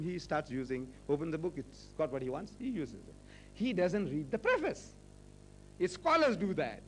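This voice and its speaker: A man's voice: high-pitched, a little hiss or hum, rough recording. A man in his sixties giving a public lecture to a university audience, rhetorical and teasing, hammering points home with repetition. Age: 60s. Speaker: Muslim lecturer.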